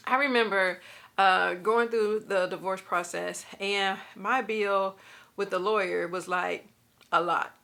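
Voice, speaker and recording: Woman vlogger, mid-range pitch, bright tense tone, animated storytelling addressed to the viewer. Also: slow, vocal fry. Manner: lively storytelling, talks straight to viewers; laughs through her stories. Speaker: faith and finance vlogger. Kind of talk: casual personal testimony.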